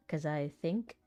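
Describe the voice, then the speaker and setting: A woman's voice: deep voice, dark tone, no room sound. A woman voice actor chatting casually while she rehearses, rambling, self-deprecating and laughing often. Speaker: voice actor and content creator.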